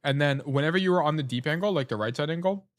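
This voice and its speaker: A man's voice: on the high side, fast, no room sound. A man coaching a player through a casual gameplay review, blunt, swearing freely and often correcting himself while he eats. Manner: talks while eating. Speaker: game coach.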